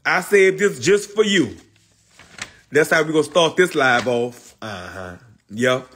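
A man's voice: fairly high pitch, animated, a little slow, fairly bright tone, breathy edge. A man hosting a casual livestream, talking in loose street slang, repeating himself and calling out viewers by name. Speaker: livestream host.

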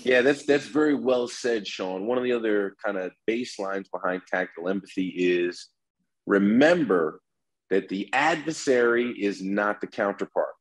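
Low husky man explaining with animation. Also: moderate pace, poor audio. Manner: animated, acts out example phrases with shifting inflection. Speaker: negotiation instructor. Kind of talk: explanatory interview answers.

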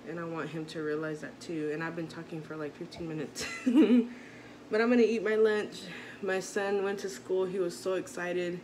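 A woman's voice: fairly low pitch, little pitch movement, a little fast, hardly any pauses, a little mellow. A woman in her thirties, a mother vlogging, talking in a rambling, heartfelt way with many restarts. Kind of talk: casual chat to camera. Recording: noisy background.

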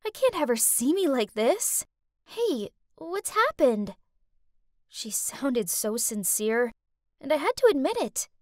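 A woman narrating an animated story in the first person with a high, very lively voice that swoops up and down. She tells it with dramatic expression, and the recording is close and dry. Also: measured pace, dry recording.

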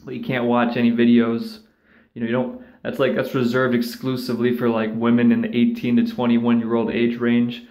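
A man's voice: medium pitch, completely flat delivery, fairly quick, a little mellow. A man ranting casually and sarcastically, rambling with lots of swearing and mocking impressions of others. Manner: rambling, profane, sarcastic, with mocking put-on voices. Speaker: vlogger. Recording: echoey room.

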